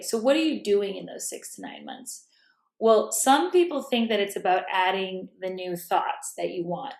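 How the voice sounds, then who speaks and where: Woman self-help speaker, thoughtful and casual, with a touch of vocal fry, recorded in a roomy, echoey space at home. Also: medium pitch. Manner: thoughtful, self-correcting, drops to a whisper at times. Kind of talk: casual reflective talk. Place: room at home.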